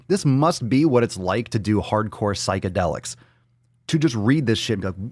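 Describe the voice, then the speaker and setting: A man's voice: on the low side, lively intonation, moderate pace, darkish tone, slightly rough, no room sound. A man hosting a daily livestream podcast, ranting in a fiery, profane way. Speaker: host.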